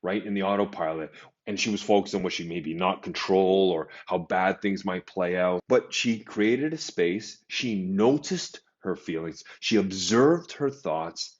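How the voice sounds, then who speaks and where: A man giving a motivational talk to professionals in an emphatic, animated way, stressing key phrases. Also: sits low, measured pace, lo-fi sound.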